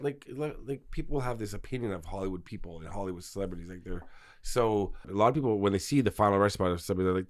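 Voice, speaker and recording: A man talking in a casual podcast conversation about film history, rambling and explaining at length with frequent restarts. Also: on the low side. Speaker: film location expert guest.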